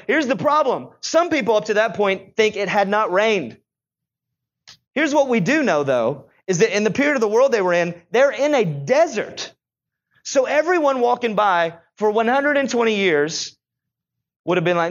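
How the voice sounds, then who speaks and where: A man's voice: high voice, big pitch swings, moderate pace, highs cut off. A male pastor preaching a sermon in a chatty style, with joking asides between Bible readings.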